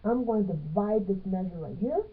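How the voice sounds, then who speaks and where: A woman teaching a music theory lesson, speaking in halting phrases and counting beats aloud with stress on the accented ones. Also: medium pitch, animated. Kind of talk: piano music theory tutorial. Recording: tinny phone-like sound.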